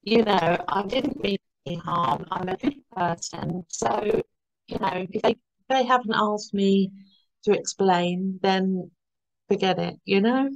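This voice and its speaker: A woman hosting a podcast, chatting casually and warmly agreeing with her guest, often ending points with "isn't it?". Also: medium pitch, measured pace, creaky, lo-fi sound. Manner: warm, agreeing, ends points with tag questions. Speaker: podcast host. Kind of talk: casual conversation.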